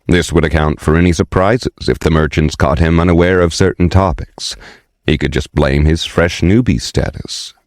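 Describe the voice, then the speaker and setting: A man narrating an audiobook fantasy story in a steady, measured way on a close studio mic. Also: sits low, no room sound.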